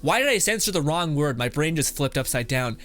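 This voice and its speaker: A man's voice: a little high, animated, brisk, fairly bright tone. Laughing, swearing man reacting to memes. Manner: laughing, swearing, rambling asides. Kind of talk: casual reaction commentary. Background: background music.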